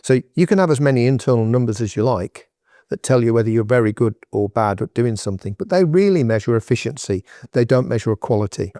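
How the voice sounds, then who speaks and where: A man's voice: medium pitch, lively intonation, fast talker, warm tone, no room sound, clean studio sound. A man being interviewed on a podcast, giving advice in a direct, emphatic, conversational way. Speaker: guest entrepreneur.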